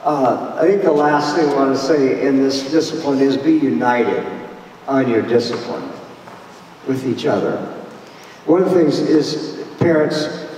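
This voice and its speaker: A man's voice: mid-range voice, a little slow, darkish tone, a little hiss or hum. A man speaking at a church conference, telling parenting stories with quoted dialogue in a plain, down-to-earth way. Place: church hall. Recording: echoey hall from far off.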